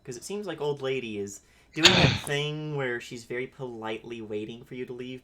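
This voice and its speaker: A game master narrating a tabletop game in an animated way, laughing often. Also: medium pitch, normal speed, background noise.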